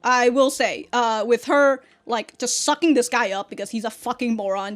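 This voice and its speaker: A woman hosting a casual anime reaction, excitable and profane, often laughing. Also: on the high side, moderate pace, hardly any pauses.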